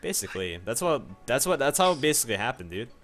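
Young male stream host, mid-pitched and very animated, casual banter with a slangy, laugh-prone delivery; faint music underneath. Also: fast. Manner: animated, laughs easily, says "like" and "dude" a lot. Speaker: livestream host. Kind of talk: casual gaming stream chat.

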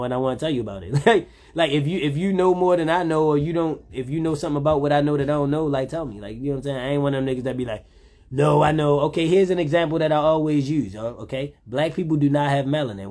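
A man in a loose, rambling monologue. He sounds laid-back and keeps circling back with "you know what I'm saying". His voice sits at an ordinary middle pitch. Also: dark tone. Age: 30s.

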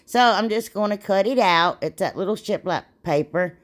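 A woman's voice: medium pitch, normal speed. A woman, chatting casually and rambling a little as she narrates a DIY craft video. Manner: chatty, rambling, laughs at herself.

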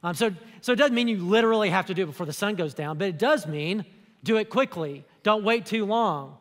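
A male pastor delivers a sermon in a relaxed, conversational way, unpacking scripture for the congregation. His voice sits high for a man. The church auditorium around him adds a long, trailing reverb. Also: fairly quick. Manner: conversational preaching, explaining scripture.

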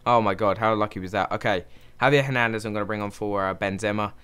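A young man giving excitable commentary while playing a football management game, cheering his team on. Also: fairly low pitch, fast talker, smooth. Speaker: gaming channel host.

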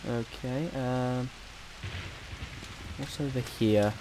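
A man's voice: medium pitch, steady tone, drawn-out words, background noise. A young man, a bit ill, chatting and rambling distractedly as he comments on his gameplay. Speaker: gamer. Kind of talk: let's play commentary.

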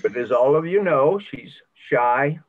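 An older man tells a folk tale in a slow, folksy way, and his voice rises and falls a lot as he goes. The sound is thin and phone-like, coming through a video call. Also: mid-range voice, animated. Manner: folksy, dramatic retelling with pauses. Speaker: church member telling a story. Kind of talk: storytelling with a moral. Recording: tinny video call audio.

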